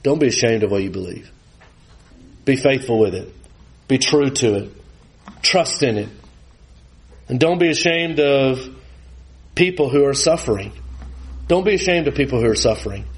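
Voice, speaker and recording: A man, preaching a sermon with animated, rising emphasis that drops low and quiet for scripture. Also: normal speed, long pauses. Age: 40s.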